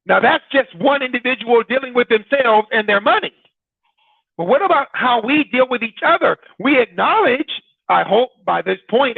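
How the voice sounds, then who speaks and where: Male broadcast host, husky high voice, chatty with questions to listeners, dry phone-quality sound. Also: dry recording. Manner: conversational, poses rhetorical questions to listeners. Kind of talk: informal broadcast talk.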